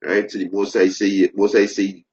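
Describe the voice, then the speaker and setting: A man preaching fervently, repeating phrases, restarting sentences and rising into loud emphasis. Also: low-pitched, little pitch movement, normal speed. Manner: repetitive, stumbling restarts, rising to shouted emphasis. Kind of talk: impassioned preaching. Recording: dull lo-fi recording.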